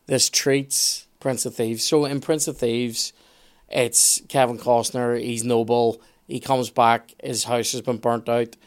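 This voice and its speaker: A man chatting casually on a podcast, opinionated and animated, with some swearing. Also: mid-range voice, slow, clean tone. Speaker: podcast guest expert.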